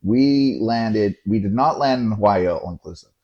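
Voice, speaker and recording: A man hosting a podcast, telling a story in a casual, animated way, acting out voices and swearing now and then. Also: fairly low pitch, normal speed, muffled recording. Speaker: podcast host.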